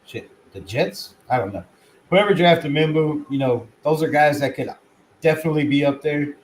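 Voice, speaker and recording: Excitable, profane man talking football. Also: on the high side, moderate pace, poor audio. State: chewing food. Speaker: fan channel host. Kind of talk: casual sports commentary.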